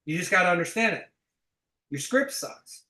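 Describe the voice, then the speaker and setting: A man's voice: sits high, big pitch swings, normal speed, sharp tone, echoey room, poor audio. A man coaching a sales team, blunt and emphatic, swearing casually as he explains.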